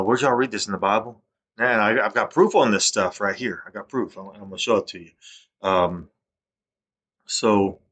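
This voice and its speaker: Rambling man with forceful voice. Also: fairly low pitch. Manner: rambling, accusatory, repeats himself. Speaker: vlogger. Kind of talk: rambling monologue to camera.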